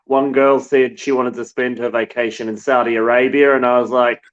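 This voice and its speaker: A man from New Zealand, a war correspondent, telling stories in a relaxed, halting way. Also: medium pitch, dull audio. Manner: relaxed storytelling with many restarts. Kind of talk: casual remote interview.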